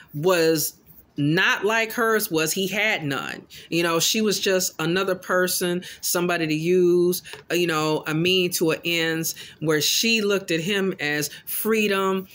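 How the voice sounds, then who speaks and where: A man casually recapping a horror film in an animated, loosely paraphrasing storytelling way. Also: high voice, a little slow. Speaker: film commentator.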